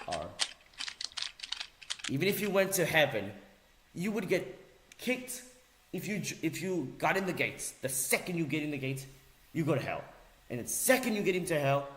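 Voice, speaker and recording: A young man rants on camera with a bright, cutting voice that leaps up and down in pitch. He mocks and insults, dropping to mutters and then bursting into yells. The room around him is echoey. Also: slight background noise. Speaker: video ranter. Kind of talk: angry rant video.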